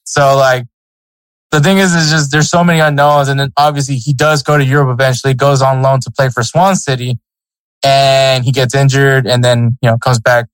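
A man's voice: mid-range voice, flat delivery, moderate pace, clean tone, no echo, low-quality recording. A man co-hosting a sports podcast in casual chat, rambling with many fillers and restarts. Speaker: podcast co-host.

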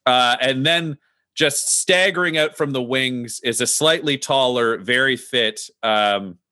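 A man narrating a tabletop role-playing game as game master, animated and descriptive, with frequent fillers. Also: medium pitch, a little slow, no echo, studio quality.

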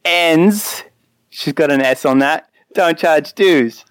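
A man's voice: a little high, slow, no echo, studio quality, pitched above the performer's own voice. A man putting on an exaggerated Australian accent to voice a woman reading out comments, playing up the stereotype for laughs. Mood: jokey. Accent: put-on Australian.

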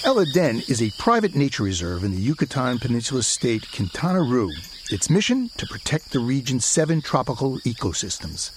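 Male public radio host, animated intonation, faint nature ambience behind. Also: mid-range voice, a little fast, hardly any pauses, background noise. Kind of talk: public radio interview and scripted outro.

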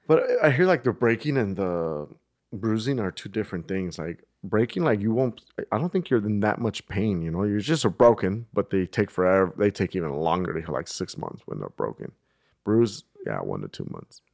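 A man's voice: lowish voice, big pitch swings, normal speed, gravelly, darkish tone, dry recording, studio quality. A young man, a podcast co-host, telling stories in a laid-back, slangy way. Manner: laid-back storytelling, slangy, acts out quoted voices. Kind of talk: casual chat.

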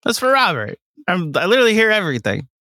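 A man's voice: sits high, wildly swooping pitch, fast talker, bright, forceful tone, no echo, studio quality. A man co-hosting a sports podcast who teases and jokes with his fellow host in casual banter. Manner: teasing, joking.

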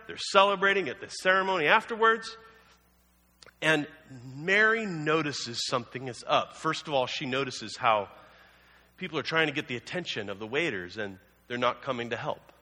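A man's voice: on the high side, animated, moderate pace, sharp tone. A man preaching a sermon as a pastor, telling the story conversationally with humorous asides. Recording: long hall reverb.

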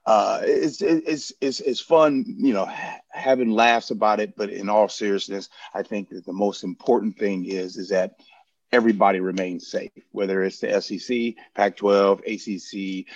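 A man's voice: on the low side, darkish tone, no room sound, muffled recording. Rambling, earnest man on a sports podcast. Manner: rambling, many restarts, earnest. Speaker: podcast guest. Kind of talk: casual sports podcast chat.

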